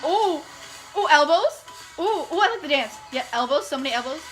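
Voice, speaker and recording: A woman's voice: sits high, lively intonation, fairly quick, fairly bright tone, rough recording. A young woman hosting a music video reaction, gushing, squealing and laughing as she watches. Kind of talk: excitable reaction commentary. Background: faint music from the video being watched.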